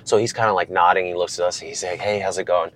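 A man in his thirties, animated, telling a long story in casual chat from a car and acting out the lines of others. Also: deep voice, fast. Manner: animated, acts out quotes from others. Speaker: guest.

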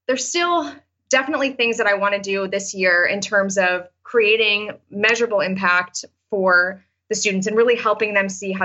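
Woman teacher, bright voice, chatty with restarts, slightly dull lo-fi sound. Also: mid-range voice. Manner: chatty, many fillers and restarts. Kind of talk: interview answers, storytelling.

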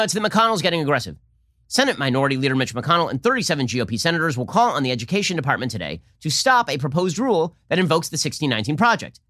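A man hosting a political podcast, delivering a fast, sarcastic opinion monologue and mocking his opponents. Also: a little high, a bit bright, no room sound, clean studio sound. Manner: sarcastic, mocks opponents in put-on voices.

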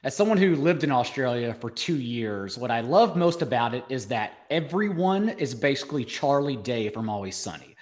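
A young man hosting a sports podcast, chatting casually and upbeat, sometimes rushing through lines. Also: medium pitch, big pitch swings, a little mellow. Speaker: podcast host.

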